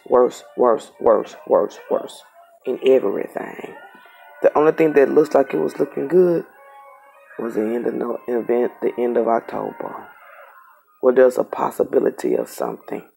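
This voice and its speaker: Very gravelly, husky tarot reader. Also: medium pitch, dark tone. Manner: emphatic and repetitive, talks straight to the viewer. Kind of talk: casual tarot reading to camera.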